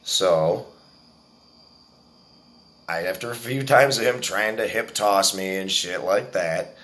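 Forties guy, kinda low voice, cussing and bragging while telling a story to the camera. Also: slow, a bit bright. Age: 40s. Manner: profane, boastful storytelling. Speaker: vlogger.

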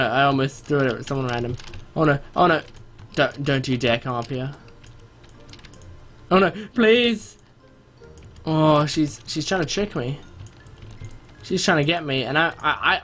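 A young man casually commentating on an online game from his small bedroom, rambling with sudden excited outbursts. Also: fairly high pitch. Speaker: gaming video host.

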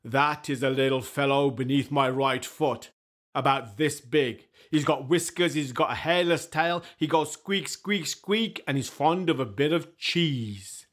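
A male storyteller voicing a giant statue of a monkey general, speaking slowly and deliberately in a booming voice. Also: a bit bright. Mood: slow, grand.

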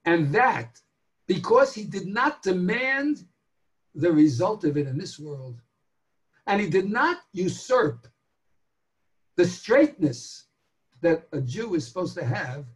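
A man delivers a daily Torah lecture in the cadence of a sermon. His pitch rises and falls in wide swings, and he drives each point home with rhetorical questions and slow, stressed phrases. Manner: animated, emphatic, drawn-out stresses and rhetorical questions. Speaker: rabbi giving a daily Torah class.

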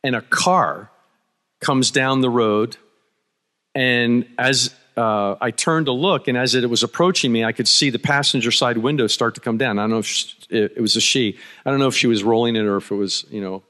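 A man's voice: medium pitch, normal speed, pushed and bright. Male conference speaker from Philadelphia, mid-range voice, wry storyteller who restarts often, long hall reverb. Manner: anecdotal, wry humor, frequent restarts. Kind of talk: storytelling talk.

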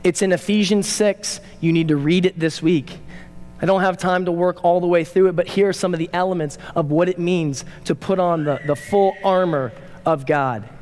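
Male pastor, high-pitched, preaching with urgent emphasis and sudden quiet asides; reverberant church room. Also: fairly even intonation, moderate pace. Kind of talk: sermon. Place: church sanctuary.

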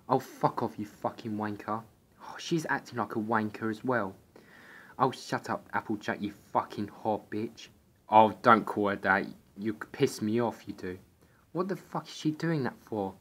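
A man's voice: medium pitch, normal speed, fairly bright tone, slightly rough. A man with a Scottish accent doing a comedic cartoon voiceover dub. He swears constantly and trades crude insults. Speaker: fan voiceover dubber.

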